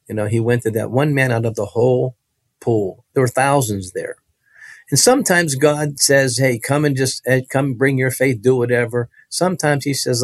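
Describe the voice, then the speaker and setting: A man recounting a personal testimony as a guest, earnest and halting, often restarting his sentences. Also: medium pitch, dry recording.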